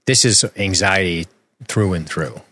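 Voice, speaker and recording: A man in a casual film discussion, animated, swearing freely and acting out characters' lines. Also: low-pitched, measured pace. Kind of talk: casual film breakdown chat.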